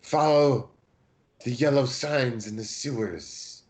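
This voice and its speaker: A man's voice: medium pitch, slow, a little mellow, voice pushed up, close to an everyday voice. A man voicing a skittish bird-like kenku thug with a thin, nasal voice. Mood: urgent.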